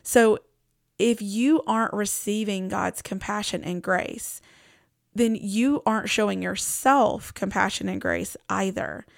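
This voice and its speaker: A woman with a gravelly, fry-tinged voice hosts a devotional podcast in an earnest, reflective manner. She speaks close to the mic in a dry, dead-sounding space, at a middling pitch. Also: a little slow, dry recording. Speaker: Christian podcast host. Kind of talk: casual devotional podcast talk.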